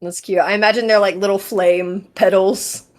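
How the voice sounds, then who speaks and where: A woman's voice: mid-range voice, fairly even intonation, moderate pace. A woman playing in a tabletop game, speaking in character with a hesitant, stammering manner. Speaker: player. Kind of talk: in-character tabletop role-play.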